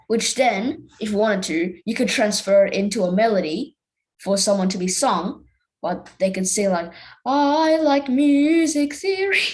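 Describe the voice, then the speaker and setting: A woman's voice: mid-range voice, low-quality recording. A young woman teaching a music theory lesson in a casual, hesitant way, with many fillers and restarts.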